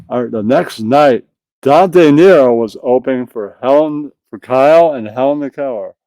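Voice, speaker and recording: A man reading out a crude comedy bit, profane and deadpan, tagging his jokes. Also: mid-range voice, dry recording. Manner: profane, deadpan, tags jokes with "that's right". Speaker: comedy reader.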